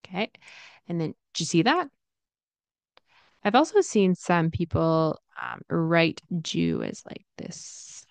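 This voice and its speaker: Slow, gravelly-voiced woman teaching English. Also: lowish voice, huge pitch swings, no room sound. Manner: slow, demonstrative, repeats example phrases. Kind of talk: online English lesson.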